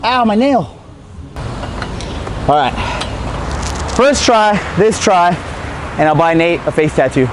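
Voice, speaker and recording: A man's voice: fairly high pitch, animated, measured pace, long pauses, background noise. A man hosting a casual BMX how-to, talking on a lapel mic outdoors, out of breath, chatty and self-mocking. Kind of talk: casual spoken tutorial. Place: outdoors by a street rail.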